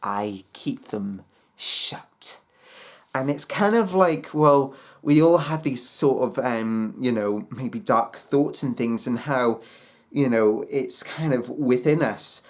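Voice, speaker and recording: A man talks through an album review in an unhurried, halting way. He keeps stopping to search for words, with many fillers and restarts. His pitch sits in an ordinary middle range. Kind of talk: casual spoken album review.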